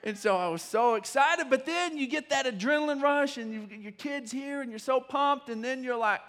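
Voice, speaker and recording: A middle-aged man preaching a sermon as pastor, telling stories in a folksy way with many restarts and occasional excited whoops. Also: very high voice, brisk, hardly any pauses. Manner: animated storytelling, bursts of whooping and shouting when excited.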